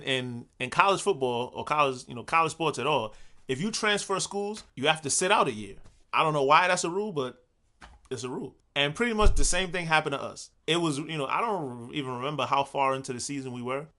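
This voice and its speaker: Animated, bright-voiced young man telling a story. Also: fairly high pitch. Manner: animated, laughs often, swears casually. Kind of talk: casual personal storytelling.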